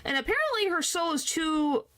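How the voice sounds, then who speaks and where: A woman's voice: extremely high pitch, very animated, moderate pace, a bit bright. A woman streaming a horror game, talking casually and reacting with exasperated disbelief. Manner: exasperated, incredulous, says "frickin'" a lot. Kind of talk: casual gameplay commentary.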